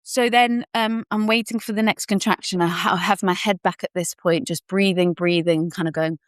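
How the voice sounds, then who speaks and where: In a dry, studio-quality recording, a young adult woman on a podcast recounts her personal birth story, candid and animated, imitating people's words and swearing now and then in her casual manner. Her mid-range voice keeps fairly even intonation at a normal speed.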